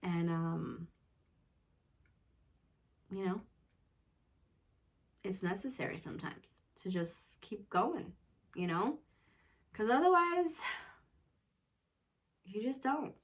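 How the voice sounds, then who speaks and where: A woman's voice: mid-range voice, takes it slowly, long pauses. A woman hosting a casual chat about motherhood, talking in an earnest, self-reflective way and often checking in with "you know.". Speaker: mother and show host.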